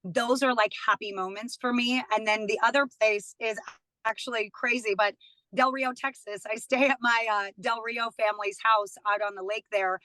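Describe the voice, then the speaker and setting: A woman's voice: fairly high pitch, fairly even intonation, normal speed, pushed and bright, no room sound, rough recording. A woman in her thirties, a studio guest, chatting casually and laughing often as she tells personal stories. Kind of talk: casual chat.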